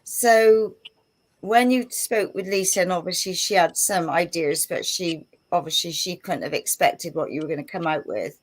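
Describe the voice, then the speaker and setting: A woman's voice: lowish voice, normal speed. Woman asking interview questions on radio. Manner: brief, sympathetic interjections. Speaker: radio show co-host.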